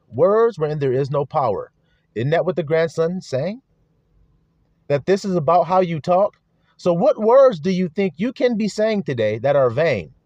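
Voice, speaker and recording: Animated preacher man, lo-fi dry sound. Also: on the high side, no room sound. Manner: repetitive chanting emphasis, rhetorical questions to the flock. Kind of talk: sermon teaching. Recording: dull lo-fi dry recording.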